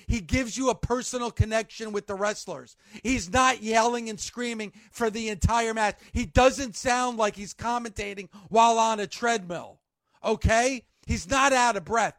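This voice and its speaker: Man, radio host, very high voice, dry close studio mic, emphatic exasperated rant. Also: fairly bright tone, no room sound. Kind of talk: ranting sports radio talk.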